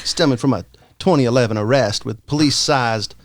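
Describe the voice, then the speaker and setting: A man's voice: medium pitch, a little fast, no room sound, studio quality, natural voice. A man doing a swooning Southern belle. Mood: sweet. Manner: sweet, lilting drawl. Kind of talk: mock Southern belle news reading.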